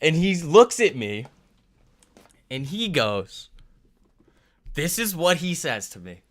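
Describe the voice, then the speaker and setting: A man's voice: a little high, takes it slowly. A young man, casually telling a rambling story on a livestream, often breaking off and laughing. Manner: rambling, animated storytelling with laughs and self-interruptions. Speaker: livestream trading host.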